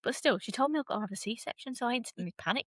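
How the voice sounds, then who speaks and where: A young British woman guest on a podcast, telling her story in a lively, dramatic way and laughing often. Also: on the high side, racing, no echo. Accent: British English. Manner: animated, self-described dramatic, laughs often. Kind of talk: casual storytelling interview.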